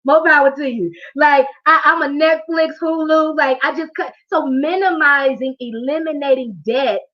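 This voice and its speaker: A woman hosting a live online money workshop, talking straight to her audience with a lively, preacher-like fervor over a video call. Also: high voice, moderate pace, muffled recording. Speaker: financial coach hosting a training.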